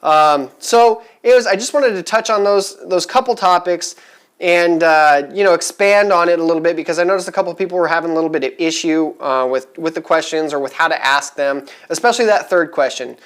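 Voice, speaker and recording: A man's voice: on the high side, fairly quick, a bit bright, clean tone. A man talking casually to camera in a vlog, chatty and rambling with many fillers, upbeat and eager. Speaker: vlogger giving resale advice.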